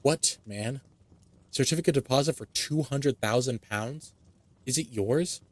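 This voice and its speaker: A man voicing an old gentleman who exclaims heartily and in astonishment, in a dry recording. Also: mid-range voice, a little slow, dry recording, close to an everyday voice. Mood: hearty. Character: older gentleman, eager and astonished.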